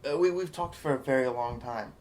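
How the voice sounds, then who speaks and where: A man co-hosting a casual podcast, retelling a movie plot with a lively, amused manner. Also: medium pitch, brisk. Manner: laughs easily, animated storytelling. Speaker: podcast co-host. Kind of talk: casual chat recapping a movie.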